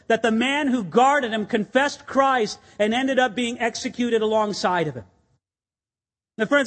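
A man delivers an earnest, emphatic sermon, his voice sitting unusually high. He drives his points home with rhetorical questions and repeated phrases. A long reverb from the church hall trails each line. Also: a bit bright, breathy edge. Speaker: pastor.

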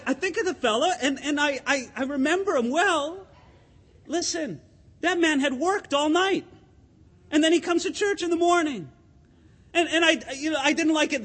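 A man preaching a sermon as pastor, conversational and animated, with asides to the congregation. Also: extremely high pitch, in a large hall.

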